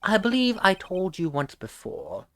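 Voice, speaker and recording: A woman voicing a polite, menacing gentleman assassin in a fan voice-over of a game. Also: mid-range voice, wildly swooping pitch, measured pace, heavily acted. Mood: calm, menacing. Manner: courteous, formal, quietly menacing.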